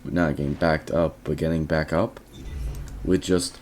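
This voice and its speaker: Low-voiced teen guy telling a story. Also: flat delivery, a little slow, noisy background. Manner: rambling, restarts often, quotes himself. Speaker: vlogger. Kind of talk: casual storytelling.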